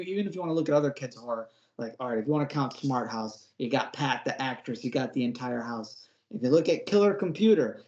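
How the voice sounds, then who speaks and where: A man's voice: mid-range voice, darkish tone. A man co-hosting a podcast, giving a casual, slangy review rant, exasperated and mocking. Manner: exasperated, slangy, mocking with put-on whiny voices. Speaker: podcast co-host reviewing horror episodes. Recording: roomy, dull lo-fi sound.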